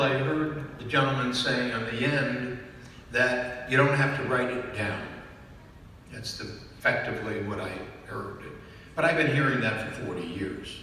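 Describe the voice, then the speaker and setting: A man's voice: mid-range voice, pushed and bright, a little hiss or hum. A man giving a live talk to an audience, emphatic and repetitive, often stopping to ask whether listeners understand. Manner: emphatic, repeats key phrases and checks in with "do you understand?". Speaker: business author speaking to an audience. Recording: echoey hall, mic far off.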